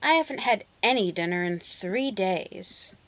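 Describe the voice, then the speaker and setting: A woman voicing a thin, hungry black cat that speaks calmly and confidingly in a storybook reading. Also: mid-range voice, measured pace, dry recording.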